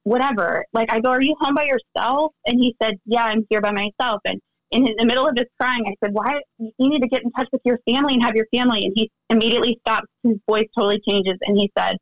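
A woman guest on a podcast interview, recounting events in an animated way and acting out the voices of others. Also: a little high, quick pace, dry recording, dull audio. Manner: animated storytelling, acts out quoted dialogue. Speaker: interview guest, friend of the deceased.

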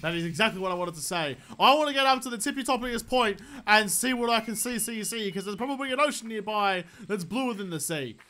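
An Australian man commentating his gameplay, excitable, joking and swearing a lot. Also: high-pitched, fast, hardly any pauses. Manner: excitable, profane, jokey. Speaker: gaming YouTuber. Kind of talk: let's play commentary.

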